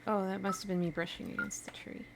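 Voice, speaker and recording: A young woman hosts a let's play, chatting casually and thinking aloud as she plays. Her voice sits in a middle pitch. Clicks and steady noise run behind her. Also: fast talker. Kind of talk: casual gameplay commentary.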